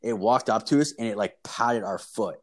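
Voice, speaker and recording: A young man with a fairly low voice tells a story in relaxed, casual chat. He rambles and swears freely and leans hard on fillers. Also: moderate pace. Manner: rambling, profane, full of fillers.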